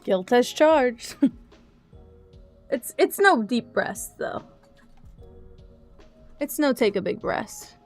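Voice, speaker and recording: A young woman chatting casually on a livestream, soft-spoken and quick to laugh as she talks to her cats and her chat. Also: a little high, expressive, soft background music.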